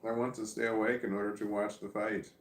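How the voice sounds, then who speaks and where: A man's voice: fairly low pitch, level tone, fast talker, echoey room. A sleepy man rambling chattily at home, talking casually to the camera. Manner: meandering, chatty, self-amused. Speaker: vlogger. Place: at home with his dog.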